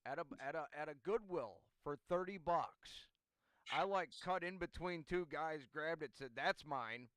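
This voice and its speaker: A laid-back man with a smooth, clear voice speaks in casual chat. The sound is dry and close, with no room echo. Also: on the high side, normal speed, fairly bright tone. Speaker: podcast host.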